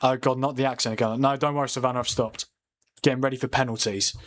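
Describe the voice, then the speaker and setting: A young man hosting a casual football watchalong livestream, chatty and quick to laugh while talking to his chat. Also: medium pitch, fairly even intonation, a bit bright. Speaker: livestream host.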